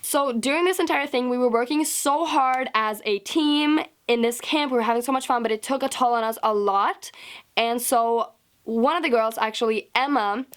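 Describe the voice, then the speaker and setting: Brief: a woman with a fairly high voice, chatty storytime vlogger, casual and blunt. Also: normal speed. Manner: casual, chatty, swears a lot. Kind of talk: storytime vlog.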